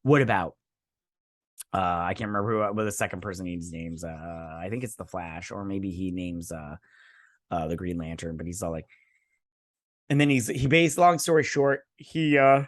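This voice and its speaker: A man hosting a casual episode recap, rambling, with loose asides and quick mock quotes of the characters. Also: fairly low pitch, no room sound, clean studio sound. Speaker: host.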